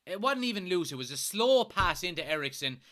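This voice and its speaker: A man's voice: high-pitched, very animated, brisk, a bit bright. An Irish man from Kilkenny hosting a live football watchalong, reading viewer comments aloud and reacting in exasperation with plenty of swearing. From Ireland. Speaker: fan watchalong host.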